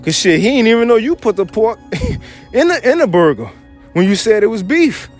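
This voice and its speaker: Man, high-pitched, casual scripture teaching, slangy, animated, faint music behind. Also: moderate pace. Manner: slangy, animated, reads verses then riffs on them. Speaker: Bible teacher.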